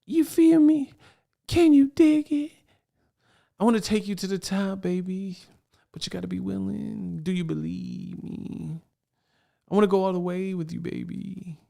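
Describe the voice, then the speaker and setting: A man mimicking a boastful jive-talking hustler from 1970s films in a high cartoonish slangy drawl. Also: steady tone, unhurried, gravelly, warm tone, heavily acted. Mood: crooning.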